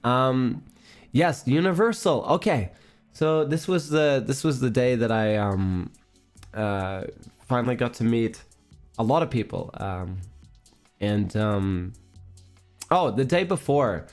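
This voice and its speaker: Slow and unhurried with long pauses, a congested young man tells a story on his livestream in a mid-range voice. The casual chat meanders, packed with filler words and frequent laughs, over soft background music.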